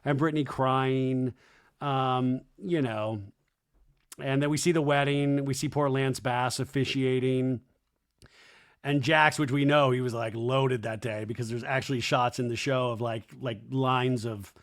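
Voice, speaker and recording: A man hosting a podcast, giving an animated, chatty comedic TV recap. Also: mid-range voice, measured pace. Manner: animated, chatty, frequent impressions. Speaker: podcast host.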